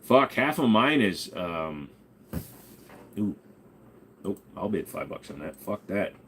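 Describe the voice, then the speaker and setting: A man's voice: low-pitched, very animated, slow, fairly bright tone, slight background noise. A man hosting a casual ask-me-anything livestream, joking, swearing and reading chat while bidding on items. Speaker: streamer host.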